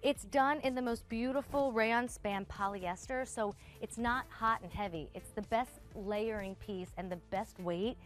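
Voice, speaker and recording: A woman's voice: fairly high pitch, a little slow, hardly any pauses, soft background music. A woman in her thirties hosting a live TV shopping show, chatty and gushing as she talks straight to viewers. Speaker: shopping channel host. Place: TV studio.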